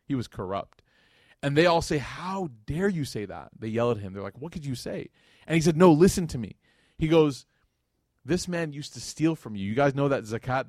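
A man delivering a religious lecture, telling a story with lively acted-out quotes and asking his listeners questions. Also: mid-range voice, no echo, studio quality. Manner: animated storyteller, acts out quoted speakers, addresses audience directly.

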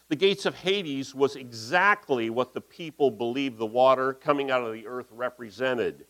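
A man's voice: mid-range voice, moderate pace, hardly any pauses, low-quality recording. A man giving a conversational, folksy sermon in a church, talking through slides with asides. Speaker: pastor.

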